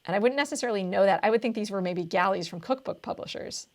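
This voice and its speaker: A woman's voice: mid-range voice, fast. A woman tutor walking through test questions on video, thinking aloud and often checking in with "right?".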